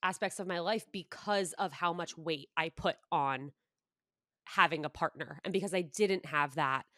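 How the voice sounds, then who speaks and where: A woman's voice: deep voice, moderate pace, dry recording, clean studio sound. A woman hosting a podcast, asking questions in a chatty way, with lots of "like" and "you know". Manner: warm, chatty, filler-heavy. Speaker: podcast host. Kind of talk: conversational interview.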